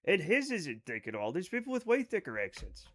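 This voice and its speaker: A man's voice: high-pitched, wildly swooping pitch, a little fast. A man streaming a game live, chatting loosely with his viewers, rambling and swearing.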